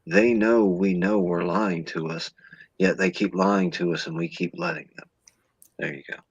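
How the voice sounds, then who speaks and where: A man's voice: sits low, huge pitch swings, moderate pace, vocal fry, slightly rough, dry recording, lo-fi sound. A man in a casual political chat, ranting and mocking opponents in sarcastic voices. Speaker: podcast guest.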